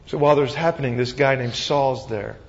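A man preaching a sermon as pastor, retelling the scene with animated, dramatic storytelling. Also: medium pitch, a little fast. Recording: dull sound with long reverb.

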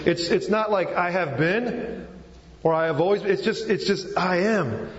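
A man's voice: high voice, measured pace. Preaching man in an echoey hall. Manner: explains step by step, checks in with the listeners. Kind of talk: sermon. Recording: echoey hall, slightly dull sound.

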